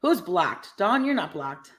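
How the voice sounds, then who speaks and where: Woman hosting a live stream, reads comments out loud, laughs a lot, kinda low voice. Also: unhurried. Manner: animated, laughing often, reading viewer comments aloud. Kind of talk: casual live stream chat.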